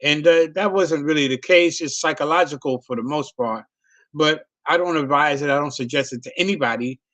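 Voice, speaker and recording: A middle-aged man tells a loose, profanity-laced story, circling back and laughing as he goes. His voice sits a little high for a man. The sound is dry and close, with no room around it. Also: brisk, a bit bright, no room sound. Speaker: comedian. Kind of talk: casual storytelling on a video call.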